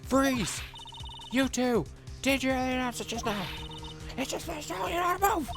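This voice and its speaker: Man doing a shrill chattering old woman. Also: lively intonation, normal speed, vocal fry, full character voice. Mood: shrill scolding. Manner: nonstop scolding chatter. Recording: game music behind.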